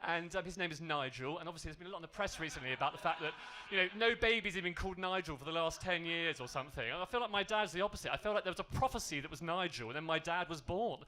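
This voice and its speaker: A man's voice: on the high side, animated, fast talker, hardly any pauses, sharp tone, slight background noise. A posh gay man doing a rambling stand-up set in a comedy club, full of ums and asides. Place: comedy club stage with audience.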